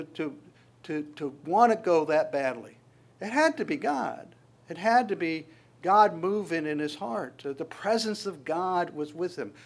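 A man's voice: high-pitched, expressive, measured pace. A man preaching a sermon, quoting scripture and talking to his congregation in a conversational way, often restarting his sentences. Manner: conversational, quotes scripture and acts out voices in passing; frequent restarts and stammers.

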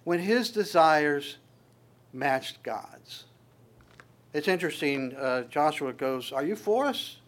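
A man's voice: on the high side, expressive, slow. Stammering conversational male preacher. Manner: conversational, quotes scripture and acts out voices in passing; frequent restarts and stammers. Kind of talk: sermon.

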